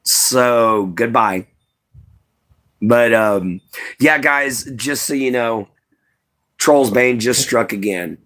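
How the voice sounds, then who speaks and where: A man chatting casually to viewers on a live stream, rambling and relaxed, with lots of "you know" and "man". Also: mid-range voice, very slow, long pauses. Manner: laid-back, rambling, says "you know" and "man" a lot.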